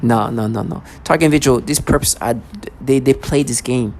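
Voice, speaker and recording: A woman's voice: rumbling low, normal speed, a little mellow, a little hiss or hum. A woman in a heated monologue to camera, agitated and sarcastic, stumbling over restarts as she talks. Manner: sarcastic mocking asides. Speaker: vlogger.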